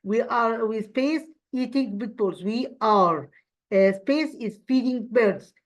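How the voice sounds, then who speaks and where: An Arabic-speaking woman gives an English grammar lesson, saying model sentences slowly with many fillers and restarts. Her voice is fairly high-pitched.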